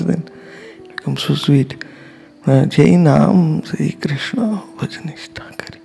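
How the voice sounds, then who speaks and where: A man giving a slow, emotional devotional talk, often dropping to a whisper and chanting. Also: a little high, gravelly, warm tone, husky. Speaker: spiritual teacher.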